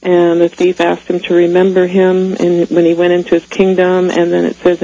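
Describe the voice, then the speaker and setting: A woman's voice: lowish voice, monotone, moderate pace, few pauses, warm tone. A woman calling in to a radio show, hesitantly asking a question about the Bible. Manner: hesitant, many fillers and restarts while asking. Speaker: caller. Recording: dull phone-line caller audio.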